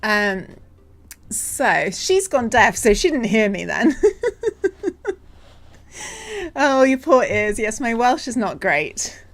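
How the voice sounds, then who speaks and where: A woman live-streaming from home, chatting casually to viewers, giggly and excitable. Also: on the high side, slow.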